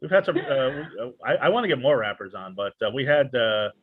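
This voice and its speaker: Halting, joking man host on a tinny line. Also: medium pitch, sing-song, slightly rough. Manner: halting, full of restarts and fillers, joking. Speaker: podcast host. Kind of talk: casual chat. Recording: tinny phone-like audio.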